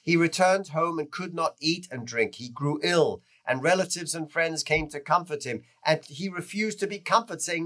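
Lively man telling a story. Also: moderate pace, few pauses. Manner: lively, with wide swings in pitch and loudness. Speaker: teacher of Jewish history. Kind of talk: storytelling lecture.

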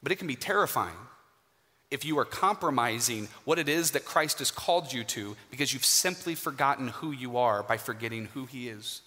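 Man, sermon, lively pitch, bright voice, church hall reverb. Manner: animated, emphatic preaching with dramatic pauses. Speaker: guest preacher. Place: church sanctuary.

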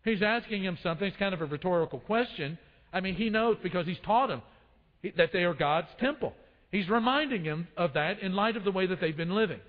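A man with a high voice preaches a sermon, calling out to the congregation for answers and hammering his points home by repeating them. His voice rings through a church hall with long reverb. The sound is dull and muffled. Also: expressive, brisk. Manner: call-and-response preaching, repeats phrases for emphasis. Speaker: pastor. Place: church sanctuary.

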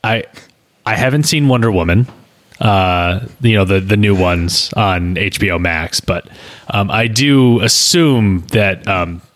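A man's voice: lowish voice, measured pace. A man rambling and stammering through a comedic script read-through chat. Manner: rambling, stammering, earnest deadpan. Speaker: co-host, script writer.

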